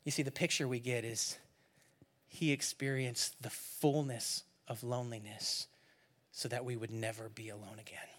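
A man preaching a sermon as pastor, animated and quick to laugh, swinging from loud emphasis to hushed, quiet lines. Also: medium pitch.

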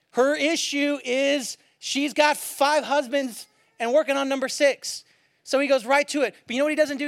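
A man with a bright, fairly high voice delivers a sermon with lively storytelling, pushing certain points out loudly and dropping others almost to a hush. The sound is dry and close to the mic. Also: no room sound. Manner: animated storytelling, swings from loud to quiet. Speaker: pastor.

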